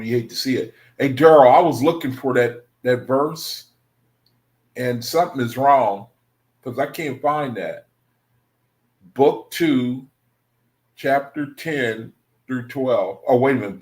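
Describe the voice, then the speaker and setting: A man's voice: mid-range voice, slow pace, darkish tone. A man hosting an online study group, talking casually and rambling, repeating himself and calling his viewers brethren. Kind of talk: casual livestream talk to viewers.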